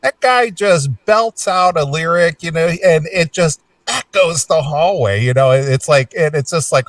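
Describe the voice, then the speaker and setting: A man's voice: a little high, unhurried, hardly any pauses, no echo, distant mic. A man hosting a casual interview, rambling with lots of fillers and repeated words. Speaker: host.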